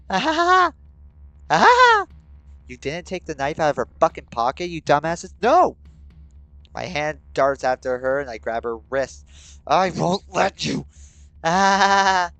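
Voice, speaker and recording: A young man streaming and reading a game story aloud, shifting between steady narration and sudden excited, swearing outbursts. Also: fairly high pitch, dry recording, low-quality recording. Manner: reads narration in a steady, subdued voice.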